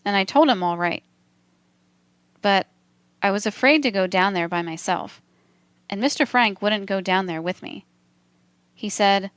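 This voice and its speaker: A woman reading a transcript aloud for a documentary in a measured, steady delivery. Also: medium pitch, clear, resonant tone, no room sound. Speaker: documentary reader.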